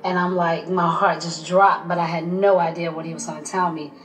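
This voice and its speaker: A woman's voice: fairly low pitch, fairly even intonation, fairly quick, echoey room, soft background music, low-quality recording. A woman, the mother, recounting in earnest during a documentary interview.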